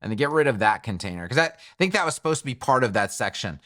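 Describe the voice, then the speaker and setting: A man's voice: medium pitch, big pitch swings, quick pace, a bit bright. A man teaching web design in a screen-recorded tutorial, thinking aloud in a chatty way and correcting himself as he goes.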